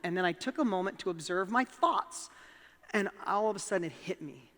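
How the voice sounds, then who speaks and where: A man with a New York accent giving a motivational talk, telling a personal story with animated, emphatic rises in his voice. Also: high-pitched, a little fast, big-room sound. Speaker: speaker.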